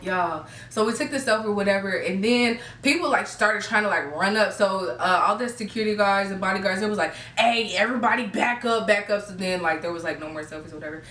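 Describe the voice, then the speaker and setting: A woman's voice: medium pitch, fast, hardly any pauses, fairly bright tone. A young woman, gushing and giggling as she tells her viewers a story in a casual vlog. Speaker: vlogger. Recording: echoey room, a bit far from the mic.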